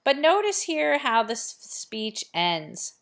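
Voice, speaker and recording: A woman's voice: high-pitched, big pitch swings, slow pace, a bit bright. A woman teacher explaining a play in a chatty lesson, posing rhetorical questions to her students. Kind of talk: recorded literature lesson.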